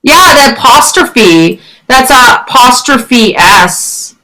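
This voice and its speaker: A woman teaching English online to a child, asking encouraging questions in a bright, animated voice. She speaks slowly and clearly, and her pitch rises on questions. The sound comes through a computer headset mic. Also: slight background noise, low-quality recording. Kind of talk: one-on-one online lesson.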